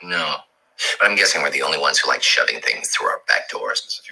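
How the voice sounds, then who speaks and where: An actor with an American accent playing a sardonic doctor, delivering dry quips in a TV drama clip. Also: male voice, a bass voice, lively intonation, brisk, creaky, sharp tone, slightly rough, full character voice, poor audio. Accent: American, put on. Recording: TV clip played back.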